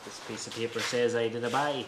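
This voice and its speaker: Soft-spoken Irish man, self-mocking. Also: medium pitch, steady tone, fairly quick, background noise. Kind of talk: casual chat.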